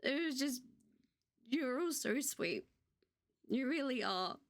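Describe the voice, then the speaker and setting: Effusive woman streamer, a touch high. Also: lively intonation, slow pace. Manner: candid, effusive, gushing thanks. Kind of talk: casual live-stream chat.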